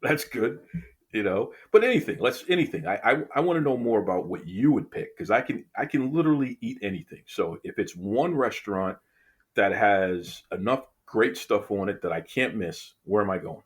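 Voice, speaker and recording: A man's voice: lowish voice, animated, normal speed, husky. A man from Boston hosting a casual interview, teasing his guest playfully and often repeating words as he starts a sentence. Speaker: podcast host.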